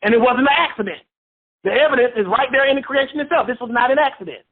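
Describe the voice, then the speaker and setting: A fast-talking Bible teacher whose voice sits high is heard on a phone-line radio call. Points get repeated and listeners get asked questions in this call-and-response style study.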